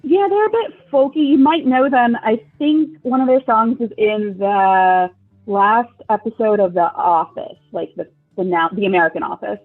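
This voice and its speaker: A young woman from Southern California joins the chat over a thin, phone-like line. Her voice has a gravelly fry, and she wanders through her thoughts with plenty of "like" and "um", casual and unhurried. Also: mid-range voice, faint music behind. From Long Beach, California. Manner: rambling, hesitant, full of "like" and "um". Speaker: podcast guest. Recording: phone-like remote call line.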